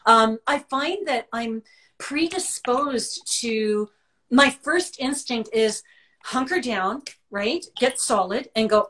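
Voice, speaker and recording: A woman's voice: a little high, lively intonation, slow pace. A woman psychic hosting a live-stream talk, reassuring her audience and reading out viewer comments. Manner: warm, reassuring, reads viewer comments aloud. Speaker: psychic and show host.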